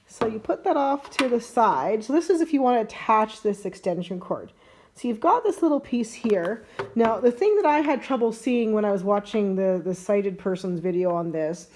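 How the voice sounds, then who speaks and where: A woman's voice: on the high side, darkish tone. A woman vlogger casually talking through a hands-on gadget demo at home, chatty and rambling, often correcting herself as she explains each step. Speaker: tech vlogger. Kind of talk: casual how-to unboxing demo. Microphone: handheld camera mic.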